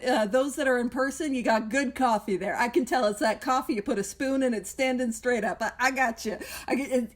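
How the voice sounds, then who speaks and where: A woman giving a talk at a recovery meeting, joking and self-deprecating in a conversational way, heard over a video call. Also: sits high. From Canada.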